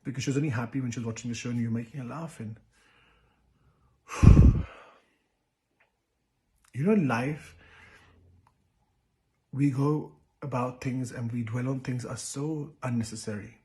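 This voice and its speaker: A man's voice: medium pitch, a little fast, mellow. Earnest man telling an emotional story. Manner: earnest, repetitive, many fillers and restarts. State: emotional, close to tears. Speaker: reality show contestant.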